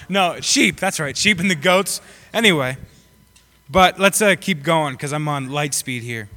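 A man's voice: a little high, normal speed, sharp tone. A young man giving a casual, joking sermon to a live audience. He rambles with many fillers and asides. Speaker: pastor. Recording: long reverb of a hall.

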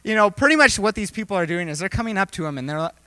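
A man's voice: high-pitched, animated, racing, pushed and bright, no echo. A young man preaching a casual, joking sermon, rambling with lots of fillers. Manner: rambling, filler-heavy, jokey. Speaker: youth preacher.

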